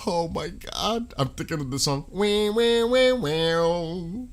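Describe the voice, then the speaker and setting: A man's voice: high-pitched, expressive, slow pace. A man hosting a live stream, chatting casually with viewers, laughing often and breaking into bits of song. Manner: laughing, rambling, breaks into sung snippets. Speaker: livestream host.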